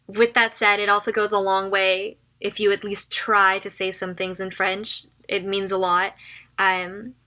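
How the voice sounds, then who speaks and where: A woman giving a casual language lesson, chatty and informal, repeating phrases slowly for learners. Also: medium pitch, flat delivery, pushed and bright. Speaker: French phrase teacher.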